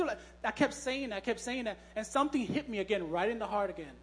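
Male preacher, high voice, relaxed storytelling sermon with jokes and restarts. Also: fast. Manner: joking, storytelling, frequent restarts. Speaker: pastor. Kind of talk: conversational sermon. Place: church.

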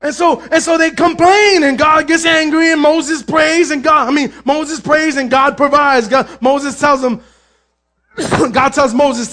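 A male pastor preaching a lively sermon in a church, with a very high, bright-toned voice. He jokes with the congregation, acts out biblical figures, and drops in Spanish phrases. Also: moderate pace.

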